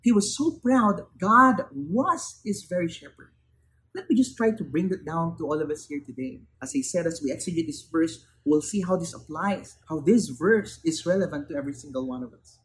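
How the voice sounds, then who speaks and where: A man's voice: lively intonation, moderate pace, a bit bright, a little hiss or hum, poor audio. Emphatic man preaching. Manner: emphatic, builds to raised peaks then drops low. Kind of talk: sermon.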